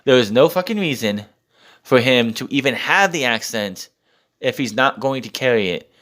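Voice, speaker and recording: A man's voice: medium pitch, animated, moderate pace, fairly bright tone. A young man giving a blunt, profane recap and opinion of a wrestling show.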